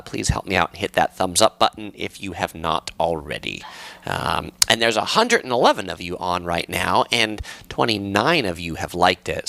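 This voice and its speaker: A man from Southern California hosting a travel channel's live stream, reading chat questions and answering in a relaxed, chatty way with many ums and uhs. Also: mid-range voice, vocal fry, no room sound.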